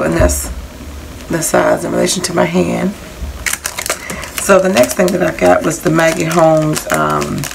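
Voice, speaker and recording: A woman's voice: deep voice, gravelly, noisy background. A woman casually showing off craft supplies she bought, rambling a little and reading out prices and item numbers. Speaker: crafting haul vlogger.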